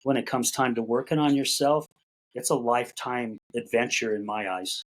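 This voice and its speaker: A middle-aged man appears as a podcast guest, telling his story in a folksy, casual way, repeating words while he gathers his thoughts and acting out quoted dialogue. His mid-range voice moves at a moderate pace, and the recording is rough.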